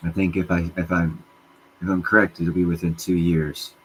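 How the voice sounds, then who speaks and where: A man with a very low voice hosts a casual livestream, answering viewers' comments. He rambles from one subject to the next and gets worked up, with plenty of swearing. A faint hiss sits under his voice. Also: moderate pace, low-quality recording. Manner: profane, excitable, jumps between topics. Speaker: livestream host answering chat.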